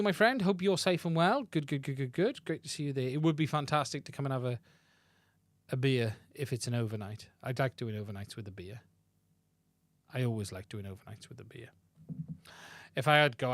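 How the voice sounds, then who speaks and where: A man's voice: mid-range voice, a bit bright, dry recording. A man hosting a casual livestream, chatty and self-deprecating, often repeating himself. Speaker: livestream host. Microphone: studio mic through podcast mixer.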